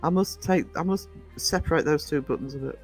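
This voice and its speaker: A woman's voice: deep voice, fairly quick, a little mellow, faint music behind, rough recording. A woman from northern England hosting a casual live stream, chatty, reading out the chat and laughing often. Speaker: livestream host.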